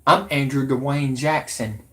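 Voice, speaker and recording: An Alabama channel host in his 40s takes his time as he rants at viewers in a mid-range, steady-toned voice. The monologue is furious and profane, with him shouting and being combative toward his audience.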